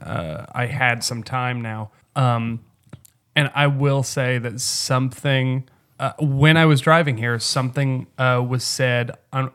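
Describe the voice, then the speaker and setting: A man's voice: mid-range voice, a bit bright, clean tone. A man in casual comedic podcast chat, rambling and padding his talk with "like.". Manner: rambling, full of "like" fillers. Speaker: podcast co-host.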